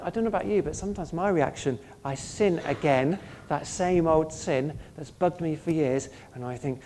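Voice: medium pitch, moderate pace, hardly any pauses, dark tone. A pastor preaching a sermon in an earnest, conversational way, often asking the listeners questions.

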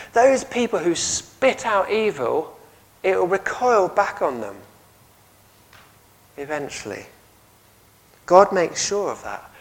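English man preaching a lively sermon. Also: a little high, low-quality recording. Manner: lively storytelling, audience questions.

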